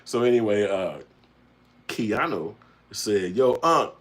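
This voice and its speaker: Laughing husky-voiced man reading chat aloud. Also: lowish voice, lively intonation, takes it slowly. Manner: loud laughing, reads comments aloud, slangy. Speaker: livestream host reading chat. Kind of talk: casual livestream chat.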